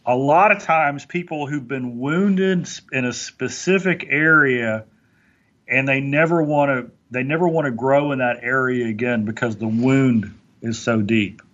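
Man, motivational podcast talk, earnest and preachy, mid pitch, muffled lo-fi audio. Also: fairly bright tone. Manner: earnest, preachy, with many restarts. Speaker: podcast guest speaker.

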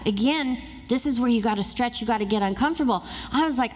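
A woman speaker telling a lively story to a live audience, acting out quotes and laughing often. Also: high voice, fast, few pauses. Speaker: motivational speaker. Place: large room with a live audience. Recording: reverberant hall.

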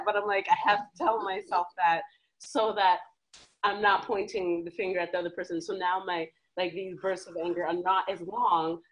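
A woman in a coaching group opens up about her own experience. She talks candidly, often stopping on fillers while she looks for the right words. Her voice sits low for a woman. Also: rough recording. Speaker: coaching client. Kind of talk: sharing a personal story.

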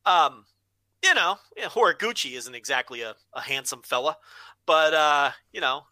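A man's voice: on the high side, animated, moderate pace, bright, forceful tone, no echo. A man co-hosting a casual wrestling podcast, blunt and opinionated, swearing freely. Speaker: podcast co-host.

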